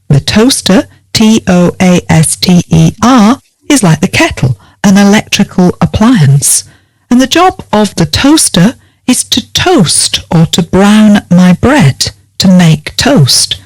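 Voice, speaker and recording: A woman teaching vocabulary in a lesson, speaking clearly and spelling words out letter by letter. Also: medium pitch, a little mellow, dry recording. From United Kingdom. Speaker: English teacher.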